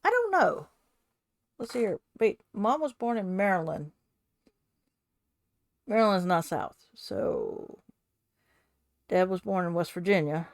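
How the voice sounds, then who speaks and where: A woman chats casually at a home desk as a streamer. She thinks aloud and laughs often. Her voice sits at a middle pitch and sounds dry and close to the mic. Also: sing-song, slow pace, long pauses, no echo. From California, USA. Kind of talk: casual chat while journaling.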